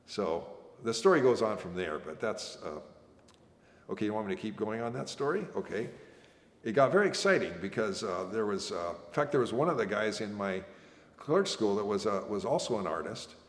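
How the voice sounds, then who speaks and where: An older man, a veteran, telling his service story in an oral history interview, lively and acting out the voices of people he quotes. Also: fairly low pitch, moderate pace. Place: museum interview room. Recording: echoey room with long reverb.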